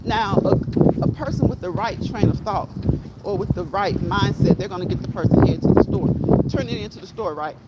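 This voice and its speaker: A woman's voice: medium pitch, animated, a little fast. A woman chatting casually with viewers on a live-streamed walk outdoors. She talks in a folksy way into her phone mic. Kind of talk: casual chat while walking outdoors, reading chat aloud. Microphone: phone microphone. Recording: phone mic with loud wind noise. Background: strong wind blowing into the mic.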